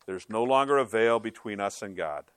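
A man's voice: on the low side, animated, moderate pace, clean tone, no room sound. A male pastor preaching a sermon in a conversational, emphatic way, with frequent rhetorical questions.

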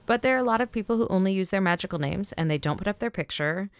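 A woman with a Southern US accent co-hosting a podcast, chatting in an animated way, laughing often and trailing off mid-sentence. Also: medium pitch, racing, clean tone, dry recording. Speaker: podcast co-host. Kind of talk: casual chat about witchcraft practice.

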